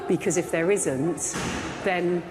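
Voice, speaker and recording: Low-voiced woman from a school's staff. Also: slow, music in the background. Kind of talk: interview.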